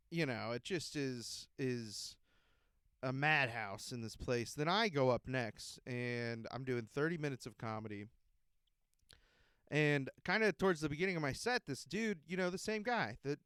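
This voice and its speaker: Smooth-voiced man rambling through a story. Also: a little high, fairly bright tone, no echo, studio quality. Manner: rambling, laughing, swears freely. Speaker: podcast host. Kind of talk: casual comedic storytelling.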